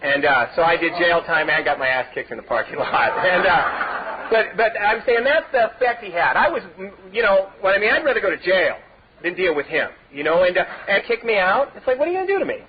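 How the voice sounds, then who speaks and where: A man's voice: sits high, very animated, a little fast. A middle-aged man from Southern California giving a personal testimony at a recovery meeting, rambling with many "you know" fillers and laughing through his own stories. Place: meeting hall. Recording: dull lo-fi tape recording.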